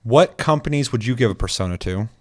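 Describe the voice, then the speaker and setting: A man's voice: medium pitch, expressive, quick pace, darkish tone. A man hosting a casual gaming podcast, swearing often and slipping into silly mocking voices. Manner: profane, jokey, slips into silly mocking voices. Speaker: podcast host.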